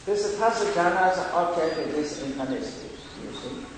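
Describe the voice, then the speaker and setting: A man giving a Buddhist meditation lecture, explaining slowly and repeating points in non-native English phrasing. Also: high-pitched. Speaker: meditation teacher. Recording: echoey hall with long reverb, faint noise.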